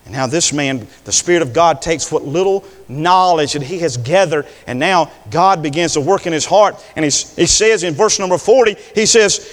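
An older male preacher delivering an impassioned sermon, swinging between hushed words and loud declarations. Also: a little high, normal speed, hardly any pauses. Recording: long hall reverb.

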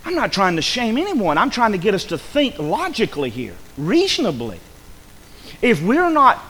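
A man's voice: sits high, a bit bright, big-room sound, rough recording. A male pastor preaching a sermon, repeating phrases for emphasis and building to urgent peaks. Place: church.

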